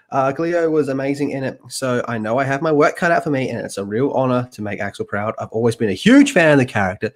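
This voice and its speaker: A man hosting a laid-back reaction podcast, reading items aloud and cracking crude jokes at his co-hosts. His voice sits at an ordinary middle pitch. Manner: joking, profane, banter with co-hosts. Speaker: podcast host reading news and chat.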